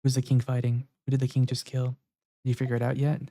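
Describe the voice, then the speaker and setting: A man reading out the lines of a calm, cryptic, genderless star-headed companion in a game, asking flat, pointed questions. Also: mid-range voice, fast, dry recording, close to an everyday voice. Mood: impatient. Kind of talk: reading game dialogue aloud.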